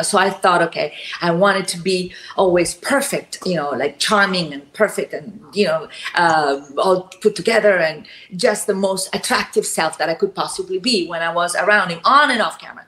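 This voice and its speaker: Animated woman telling a story in an echoey room. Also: fairly low pitch, normal speed, few pauses. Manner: animated storyteller, laughs often, acts out voices. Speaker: guest actress. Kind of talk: casual interview chat.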